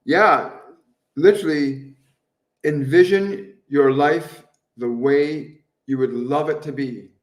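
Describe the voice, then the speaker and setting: A man hosting a live stream as a spiritual medium, answering viewers' questions in a gentle, earnest way and repeating phrases over and over for emphasis. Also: a little high, slow, recorded from a distance. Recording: roomy echo, voice somewhat off-mic.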